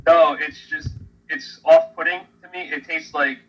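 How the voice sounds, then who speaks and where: A man's voice: fairly high pitch, fairly even intonation, a little slow, slightly rough, muffled recording. A young man co-hosting a casual chat, blunt and emphatic in his opinions. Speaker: podcast co-host.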